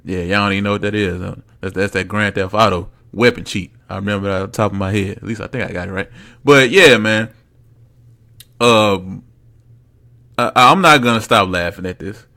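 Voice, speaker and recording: A man's voice: fairly low pitch, normal speed, vocal fry. Slangy young man ranting on a podcast. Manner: blunt, slangy and mocking, swings loud and soft. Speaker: podcast host. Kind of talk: casual solo sports podcast rant.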